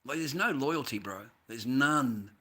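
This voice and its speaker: Unhurried and expressive, the man speaks in a mid-range voice with a bright, forceful tone. He's an Australian vlogger telling a long story casually, swearing, repeating himself, and calling the listener mate and bro.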